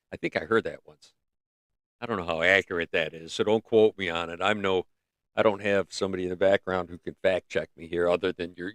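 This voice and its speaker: A man's voice: low-pitched, fairly bright tone, clear, resonant tone, no room sound, studio quality. Rambling man hosting a livestream. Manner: rambling, musing, with many restarts. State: throat giving out. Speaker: livestream host. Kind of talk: casual livestream chat. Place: in northern North America. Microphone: close mic.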